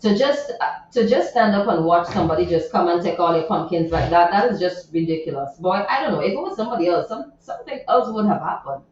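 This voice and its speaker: A woman's voice: fairly low pitch, expressive, fast, a little mellow, a little hiss or hum. A woman radio host, chatting about a viral news story in a chatty, indignant way, with many asides. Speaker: radio morning show host. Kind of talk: casual chat reading social media news. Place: radio studio. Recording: very echoey, distant, dull sound.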